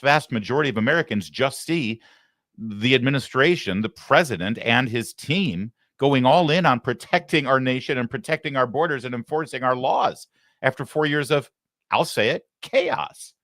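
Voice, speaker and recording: A man hosting a political talk show, giving emphatic, animated commentary at a studio mic. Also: mid-range voice, normal speed, no echo.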